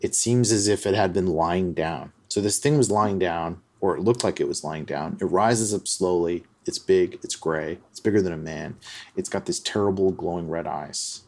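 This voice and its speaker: A man's voice: low-pitched, normal speed, darkish tone. A man hosting a podcast who retells a story in a loose, chatty way, full of "like" and other fillers. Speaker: podcast host. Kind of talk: casual storytelling chat.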